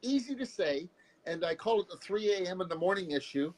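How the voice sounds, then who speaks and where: A man from Canada talks openly in a relaxed interview, telling stories with lively energy. His voice sits fairly high for a man. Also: fairly quick, low-quality recording. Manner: animated, candid storyteller who jumps into voices. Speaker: guest. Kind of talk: casual interview storytelling.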